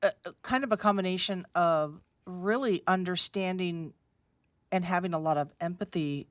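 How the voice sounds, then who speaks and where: A woman hosting an interview, gently reflecting back what her guest shares and asking how she feels. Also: fairly low pitch, normal speed, no echo. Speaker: podcast host. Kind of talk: empathetic interview questions.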